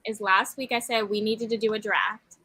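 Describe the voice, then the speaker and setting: Bright-voiced woman in casual chat. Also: mid-range voice, fairly even intonation, normal speed, dry recording, low-quality recording. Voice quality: teasing, laughing, easygoing. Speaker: wrestling podcast co-host.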